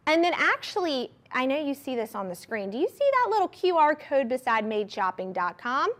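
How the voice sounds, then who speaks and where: A woman hosting a live shopping channel, pitching products to viewers in an upbeat, chatty way. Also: sing-song, normal speed, a bit bright. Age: adult mother of a young child. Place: TV studio.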